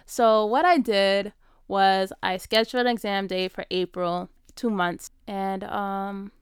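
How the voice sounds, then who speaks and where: A young woman vlogger telling a personal story in a casual, animated way, often saying "like". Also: medium pitch, takes it slowly, smooth, no room sound, studio quality. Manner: animated, acts out quoted dialogue, frequent "like".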